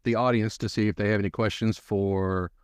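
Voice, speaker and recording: A man with a fairly low voice hosts a live talk show in a casual, easygoing way, making self-mocking jokes. His voice sounds close and dry. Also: fairly even intonation, brisk, smooth, no echo.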